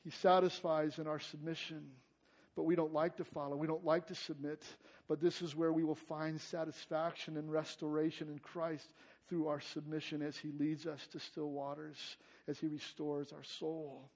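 A man preaching a sermon as pastor. He gets louder and higher when stressing a point, then drops to a soft, quiet tone in prayer. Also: level tone, moderate pace.

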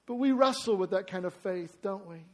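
A man preaching a sermon as pastor, emphatic, asking the congregation rhetorical questions and acting out quoted cries loudly. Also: high-pitched, moderate pace.

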